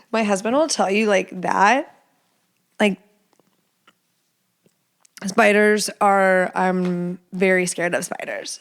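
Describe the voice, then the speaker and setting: A woman in her thirties hosting a solo podcast in a loose, unscripted way. She talks bluntly and swears freely, and she addresses her listeners directly. Her voice sits at an ordinary middle pitch for a woman. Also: steady tone, slow, long pauses. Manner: blunt, chatty and profane, talking straight to listeners. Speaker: podcast host. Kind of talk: casual solo podcast chat.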